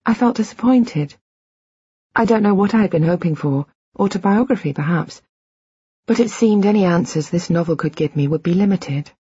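A woman reading a first-person audiobook in a measured, reflective, quietly intimate way. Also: lowish voice, slightly rough, no room sound, dull audio. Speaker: audiobook narrator.

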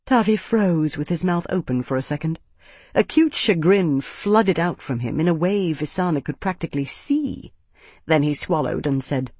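A narrator reading a novel in an even, measured way. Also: mid-range voice, slightly rough, no echo. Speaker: audiobook narrator. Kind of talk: scripted narration.

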